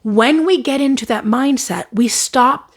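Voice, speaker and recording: A woman's voice: sits high, unhurried. A woman hosting her own podcast, talking earnestly about conflict and healing and acting out the replies she suggests. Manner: earnest, coaching, acts out quoted replies in shifting tones. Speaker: podcast host. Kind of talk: solo podcast talk on healing.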